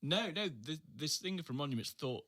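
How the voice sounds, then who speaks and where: A man's voice: fairly high pitch, animated, a little fast, noisy background. A man, a podcast guest, chatting casually in a laid-back way, trailing off and laughing often. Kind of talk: casual chat.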